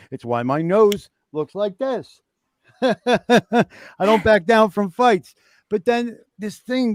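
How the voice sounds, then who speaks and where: A man in his fifties appears as a guest on a livestream, speaking candidly and emphatically, with plenty of profanity as he rallies listeners. His voice is high-pitched, and the studio-quality audio has no room sound.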